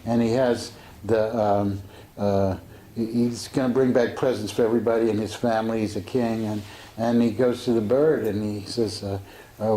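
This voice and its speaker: A man, a Sufi teacher, retells a teaching story in a halting way, full of fillers and restarts. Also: lowish voice, fairly even intonation, dark tone, slight background noise, low-quality recording.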